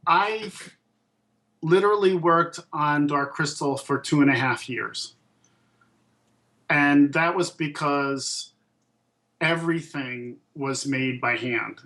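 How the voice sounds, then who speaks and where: A man's voice: medium pitch, a bit bright, low-quality recording. A man in his fifties, a puppet and toy designer, telling stories in a casual interview with many ums and restarts. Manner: thoughtful, with frequent ums and restarts.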